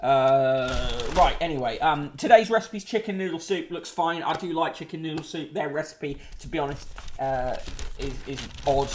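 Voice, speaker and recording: A man's voice: on the high side, normal speed. A man hosting a casual live-streamed newspaper review, sardonic and rambling, with lots of ums and uhs. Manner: sardonic, rambling, with frequent fillers. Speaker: host.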